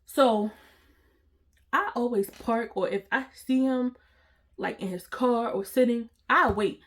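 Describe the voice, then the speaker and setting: A woman's voice: on the high side, takes it slowly. A woman, dramatically telling a storytime vlog and talking straight to her viewers with slang. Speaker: storytime vlogger.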